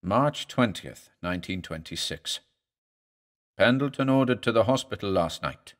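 A man's voice: on the low side, animated, moderate pace. A man narrating a horror story as a doctor's journal, reading in a grave, dramatic manner.

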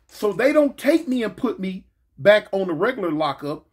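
A man casually telling a story from his past, slangy and animated, jumping in pitch and making sound effects as he goes. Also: normal speed, slightly rough. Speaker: storyteller recounting his prison days.

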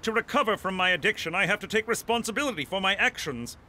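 An actor playing a formal, overly polite Mountie in an adult cartoon. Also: male voice, high voice, lively intonation, fast talker, pushed and bright, exaggerated voice. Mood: earnest. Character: prim Canadian Mountie man, earnest and hapless.

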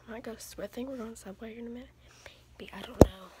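A woman chatting casually in a home vlog, rambling and often dropping into a hushed whisper. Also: a little high, quick pace. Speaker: vlogger. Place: home bedroom. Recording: noisy home recording with clicks.

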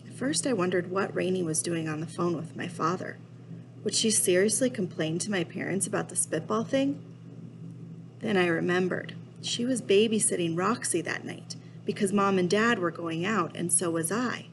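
A woman reading a children's novel aloud in a steady, expressive storytelling voice. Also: lowish voice, moderate pace, background noise. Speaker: reader.

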